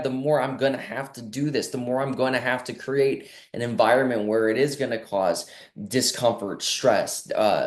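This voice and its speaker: A man giving an earnest health talk as a reflective monologue, often acting out quoted voices and slowing down for emphasis. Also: mid-range voice. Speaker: clinic health speaker.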